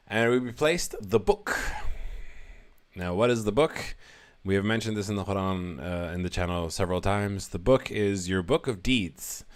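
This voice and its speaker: Deep-voiced man musing on scripture. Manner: thinks aloud, self-deprecating chuckles. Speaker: religious commentator. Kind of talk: casual verse-by-verse commentary.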